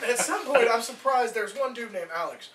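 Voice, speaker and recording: A man's voice: extremely high pitch, distant mic, background noise. A man performing a stand-up comedy set, rambling loosely, swearing and acting out voices. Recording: echoey room recorded from afar.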